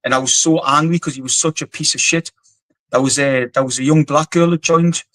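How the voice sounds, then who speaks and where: A man's voice: a little high, steady tone, a little fast, a bit bright, no echo, low-quality recording. A middle-aged man with a Geordie accent, a former soldier telling stories as a guest, blunt and rambling, swearing freely. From North East England. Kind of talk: casual storytelling interview.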